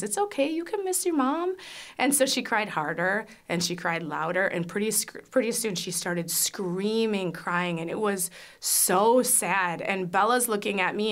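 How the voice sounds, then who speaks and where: A woman's voice: mid-range voice, fairly bright tone. Woman sharing a heartfelt foster-care testimony. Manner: candid, emotional, with frequent fillers and restarts. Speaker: foster parent. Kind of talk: personal faith testimony.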